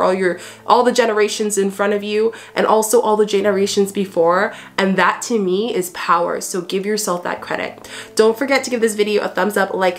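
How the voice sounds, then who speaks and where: A woman hosting a casual advice video, talking earnestly to her viewers as a spiritual coach, encouraging and repeating herself with "you know" fillers. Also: mid-range voice. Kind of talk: casual advice vlog to camera.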